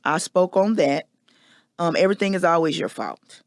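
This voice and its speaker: Woman host, candid confessional monologue, gravelly tone, dry close recording. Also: fairly low pitch, moderate pace, no echo. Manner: candid, emphatic storytelling. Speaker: podcast host.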